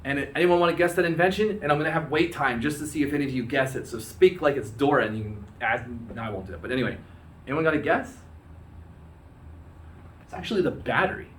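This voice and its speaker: Guy teaching history off his phone, kinda high voice, chatty, does goofy little voices for the people in the story, echoey room. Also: far from the mic, a little hiss or hum. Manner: chatty, acts out quick dialogue in joking voices. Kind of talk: casual recorded lecture.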